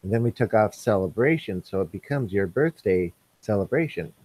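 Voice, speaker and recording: A man's voice: lowish voice, lively intonation, normal speed, darkish tone, dry recording. A man hosting a casual live stream, reading viewers' chat messages aloud and answering them.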